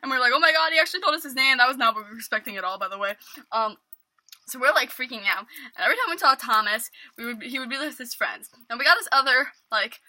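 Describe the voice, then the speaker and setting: A woman's voice: on the high side, quick pace, bright, forceful tone. A young woman from New York state telling a rambling storytime vlog, full of "like" and mock-drama. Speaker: vlogger.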